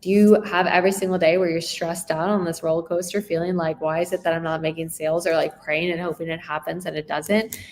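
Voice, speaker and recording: Woman sales coach, lowish voice, very expressive, lots of quick check-ins, faint hiss behind. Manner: expressive, shifting tone and emphasis; frequent rhetorical check-in questions. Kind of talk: live sales training talk.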